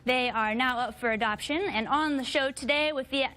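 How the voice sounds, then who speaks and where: A woman host with a bright, polished delivery, reading scripted segments about rescued pets. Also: sits high, moderate pace.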